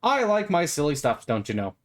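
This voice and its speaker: A man's voice: fairly high pitch, huge pitch swings, a little fast. A man gives rambling gameplay commentary while playing, talking in a playful, meandering way with stammers and lots of fillers. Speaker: gamer.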